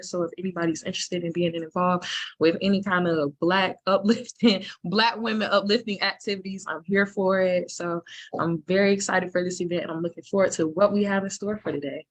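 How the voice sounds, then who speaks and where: A woman in her twenties, a college student on a talk show panel, enthusiastic and quick to laugh. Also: lowish voice, no echo. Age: 20s.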